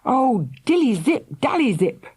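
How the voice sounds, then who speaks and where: A woman's voice: high voice, sing-song, unhurried, a little mellow, husky, voice pushed up, exaggerated voice. A woman voicing a brave, bossy young girl who urges her little brother on, in an audiobook. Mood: urgent. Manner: urgent, breathless bossiness. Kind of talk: audiobook character voice.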